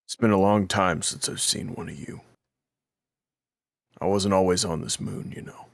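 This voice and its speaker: A man doing a guarded alien doctor with tentacles, suspicious of his visitors, his words clipped. The voice is fairly low and the sound is dry and close. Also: steady tone, moderate pace, gravelly, no echo. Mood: wary. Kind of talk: tabletop role-play in character.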